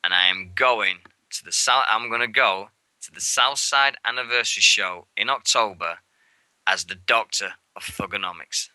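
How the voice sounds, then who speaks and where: A man co-hosting a wrestling radio show, chatting casually and excitably, swearing and acting out moments. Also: fairly low pitch, moderate pace, no room sound, low-quality recording. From England. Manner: rambling and excitable, swears freely, acts out moments. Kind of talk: casual show recap chat. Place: radio studio.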